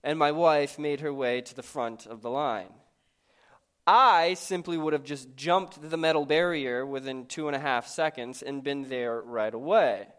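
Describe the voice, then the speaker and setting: A man in his thirties, a pastor, telling a personal story in a sermon in a lively, conversational, self-mocking way. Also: medium pitch, unhurried.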